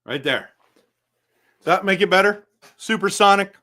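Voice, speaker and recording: A man hosting a casual live stream, reading chat comments aloud and answering them in an animated, chatty way with frequent restarts. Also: high voice, normal speed. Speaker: livestream host reading chat.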